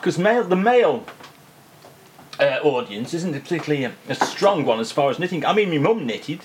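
A man in his fifties hosts a relaxed radio studio chat. His voice swings up and down a lot as he teases his guests and jokes along. His delivery is chatty and playful. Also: fairly high pitch, a little fast, a little hiss or hum. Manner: jokey, teasing, chatty. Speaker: radio presenter.

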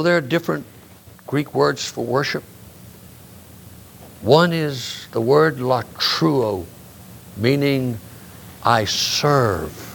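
Older guy preaching slow, gravelly voice, punches some lines up high then drops real quiet, faint hiss behind. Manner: emphatic, rising to high exclamations and dropping to quiet asides. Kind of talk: sermon.

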